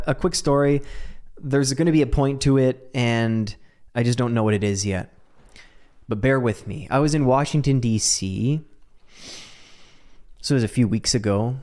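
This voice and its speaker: A man with a medium-pitched, somewhat dark voice hosts a solo podcast, talking casually and animatedly. He laughs a lot and swears now and then.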